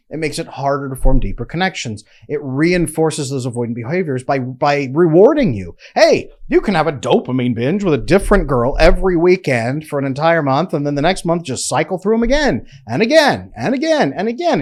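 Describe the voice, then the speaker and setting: A man's voice: on the high side, very animated, a little fast, few pauses. A man, a relationship coach, giving an emphatic, conversational educational talk to camera. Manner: emphatic, conversational, acts out quotes.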